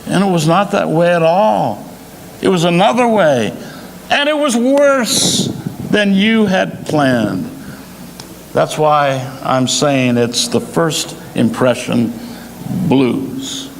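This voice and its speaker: Male associate pastor, sermon delivery, slow and emphatic, higher voice, church hall reverb. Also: creaky, a little hiss or hum. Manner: emphatic preaching with dramatic pauses. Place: church sanctuary.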